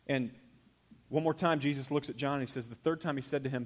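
A middle-aged male pastor preaching a sermon in a folksy, conversational way, swinging from hushed to loud. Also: mid-range voice, fairly even intonation, fast.

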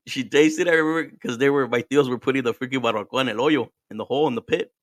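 A man's voice: mid-range voice, fast, no echo, studio quality. A man from Mexico with a Mexican accent, telling stories in a casual chat, swearing freely, often laughing, and switching between English and Spanish. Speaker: podcast host.

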